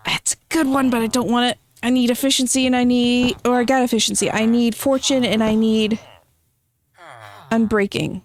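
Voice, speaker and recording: A woman's voice: a little high, steady tone, normal speed. A woman streaming a video game, chatting casually and playfully with her viewers and teasing them as she reads their messages. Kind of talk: casual gameplay live-stream chat.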